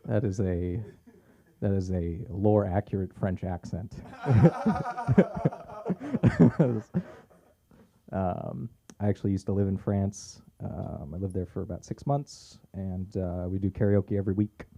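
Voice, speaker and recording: A man doing a stand-up set at an open mic on a comedy club stage, delivering deadpan punchlines and chuckling at his own jokes. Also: low-pitched, takes it slowly, vocal fry. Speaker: stand-up comic.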